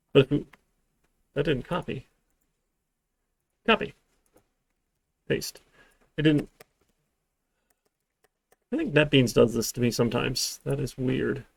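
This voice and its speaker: He's a programming instructor giving a live-streamed lecture in a rambling style, laced with dry sarcasm. The voice is mid-range and creaky, recorded without echo.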